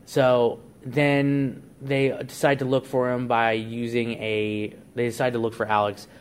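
A man's voice: mid-range voice, little pitch movement, a little slow, clean tone. A man on a podcast, casually laying out a plot idea in a rambling way. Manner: rambling storyteller, frequent restarts and "like". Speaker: podcast co-host.

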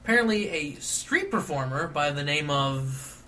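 A man's voice: on the high side, expressive, sharp tone. A man co-hosting a casual comedy show, reading news items aloud and tossing in playful quips. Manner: eager, playful, quick quips. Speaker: co-host.

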